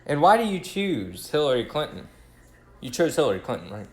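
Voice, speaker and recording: A man reading meme captions aloud in a flat, deliberate way. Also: medium pitch.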